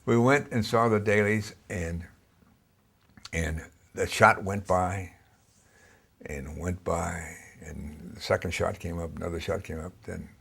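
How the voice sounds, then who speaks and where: A man's voice: sits low, fairly even intonation, a little slow, gravelly, fairly bright tone, breathy edge. An older man being interviewed, telling film-set stories in a blunt, salty, emphatic way. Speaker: cinematographer interviewee. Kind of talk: anecdotal interview storytelling.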